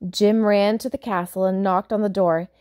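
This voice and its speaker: A woman reading a picture book aloud for children, pausing to explain words and point out pictures. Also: medium pitch, fairly even intonation. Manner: warm, explaining asides to young listeners. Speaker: storyteller.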